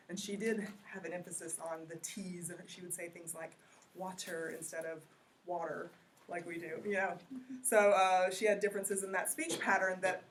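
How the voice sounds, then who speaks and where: A woman's voice: on the low side, a little hiss or hum. A woman giving a college geography lecture in a classroom, talking conversationally and asking the class questions.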